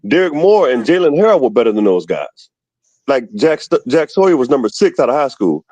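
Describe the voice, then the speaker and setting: A man from Alabama calling in to a football show, arguing about recruiting in an animated, opinionated way. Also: medium pitch, brisk, highs cut off. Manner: animated, argumentative about team stats. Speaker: caller. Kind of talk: casual call-in chat.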